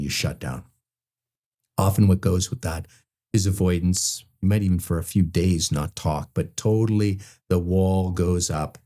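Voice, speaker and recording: A man's voice: low voice, warm tone. A man speaking as a psychologist, explaining relationship habits in a conversational way, with many "you know" fillers and acted-out examples.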